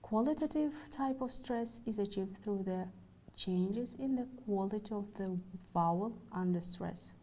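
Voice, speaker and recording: A woman with a Russian accent, a native Russian speaker, giving a phonetics lecture in a slow, careful and halting way. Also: mid-range voice, darkish tone, rough recording. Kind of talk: university lecture.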